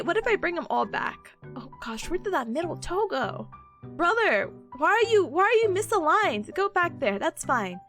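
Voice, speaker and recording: A woman's voice: very high-pitched, sing-song, normal speed, over loud music. A woman streamer in casual live chat, playful and silly, laughing often between lines. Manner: silly, sings sound effects.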